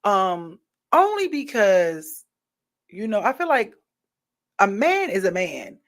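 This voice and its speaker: A woman's voice: mid-range voice, big pitch swings, takes it slowly. A woman vlogger giving her frank opinions in a casual monologue, rambling with lots of fillers and restarts.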